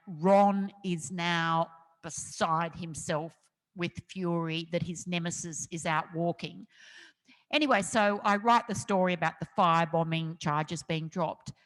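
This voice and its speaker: A middle-aged Australian woman, an investigative journalist, telling lively stories with frequent laughter in an on-stage interview. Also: fairly low pitch. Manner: animated anecdotal storytelling with frequent laughter. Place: festival event hall. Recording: long hall reverb.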